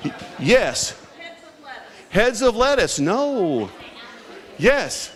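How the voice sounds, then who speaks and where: Man emcee, high and lively voice, unhurried, joking with a crowd at a community cook-off quiz. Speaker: event emcee. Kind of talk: trivia quiz hosting at a community event. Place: large indoor hall with a crowd.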